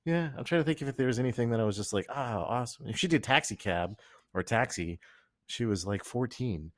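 A man's voice: mid-range voice, brisk, dry recording. A man hosting a podcast in casual chat, rambling and joking as he tells stories, often restarting his sentences. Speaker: podcast host.

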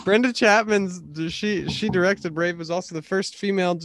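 A man's voice: sits high, moderate pace, a bit bright, no room sound. A man with a slightly raised voice running a movie quiz on a casual podcast. He hands out hints patiently, with a teasing edge. The recording is dry and close. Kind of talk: casual chat.

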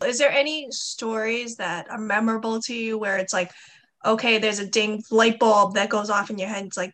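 A woman's voice: medium pitch, fairly even intonation, normal speed, fairly bright tone. Friendly woman podcast host. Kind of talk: casual podcast interview.

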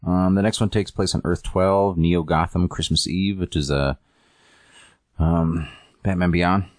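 A man with an extremely low, deep voice walks through a comic plot on a casual podcast. He talks in a halting way, with many ums and likes. The recording is dry and close. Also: fairly even intonation, dry recording. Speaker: podcast co-host reviewing comics. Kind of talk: casual chat recapping a story.

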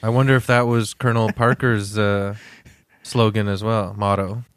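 A man co-hosting a casual podcast, chiming in with quick jokes. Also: on the low side, little pitch movement, smooth, dry recording, clean studio sound. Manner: joking, throws in quick quips. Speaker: podcast co-host.

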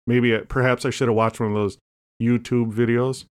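A man co-hosting a casual comedy podcast, rambling through deadpan jokes and asides. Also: mid-range voice, moderate pace, clear, resonant tone. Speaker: podcast co-host.

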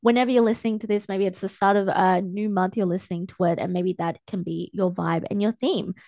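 A woman's voice: medium pitch, steady tone, brisk, darkish tone, no echo. A young woman hosting a solo podcast, talking casually and encouragingly as a personal-growth coach. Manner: chatty, encouraging, self-help coaching tone. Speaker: podcast host. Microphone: close podcast mic, filmed for video.

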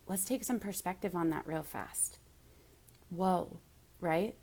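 Earnest woman, lower voice, heartfelt. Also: slow pace, darkish tone, slightly rough. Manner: emotional, near tears at times. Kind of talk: motivational monologue.

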